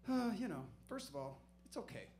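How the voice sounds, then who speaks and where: A man putting on a male police officer who shouts commands and later explains things calmly and patiently. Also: sits high, a little fast, noisy background. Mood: calm, reassuring. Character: male police officer, barking then oddly kindly.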